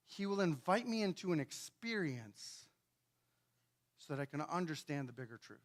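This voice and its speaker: A man preaching a sermon in a casual, chatty way, acting out biblical characters in lively asides and often asking "right?". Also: high-pitched, normal speed. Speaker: pastor. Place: church sanctuary.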